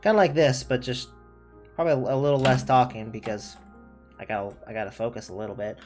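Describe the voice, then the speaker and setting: A man's voice: medium pitch, fairly even intonation, fast, a little mellow, soft background music. A young man streaming a video game, chatting in a laid-back, rambling way and laughing often. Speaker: gaming streamer. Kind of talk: casual chat while playing.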